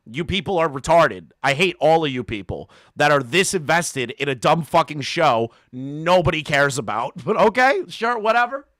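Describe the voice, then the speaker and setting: A man's voice: a little high, fairly bright tone, no echo, clean studio sound. A man hosting a commentary channel, ranting in a profane, mocking way and laughing between jabs.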